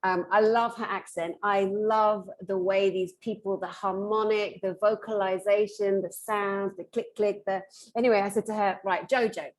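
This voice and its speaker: A woman's voice: mid-range voice, flat delivery, normal speed, few pauses. A woman hosting a casual interview over a video call, effusive and enthusiastic. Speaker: host.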